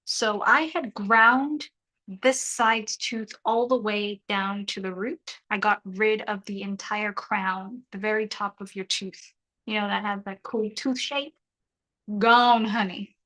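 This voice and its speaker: A woman's voice: medium pitch, fairly even intonation, takes it slowly, sharp tone, low-quality recording. A young woman hosting a casual live stream, joking and reading the chat aloud while half of her mouth is still numb from dental surgery. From South Africa.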